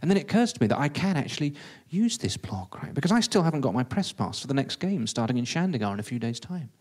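A man tells a funny story about himself, self-deprecating and chatty. He rattles along at a brisk pace. His voice sits at a middling pitch. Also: very animated, darkish tone. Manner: self-deprecating, quick and conversational. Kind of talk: comic first-person storytelling.

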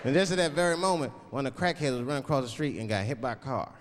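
A man's voice: medium pitch, racing. A man doing a stand-up routine, telling a story with energy and acting out voices. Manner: animated storytelling, acts out voices. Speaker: stand-up comedian. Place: large venue with live audience. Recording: live hall reverb, crowd noise.

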